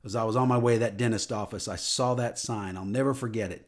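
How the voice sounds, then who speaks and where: A man giving a personal testimony into a microphone, telling a story earnestly and dropping soft and low at emotional moments. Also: fairly even intonation, quick pace. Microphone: studio microphone.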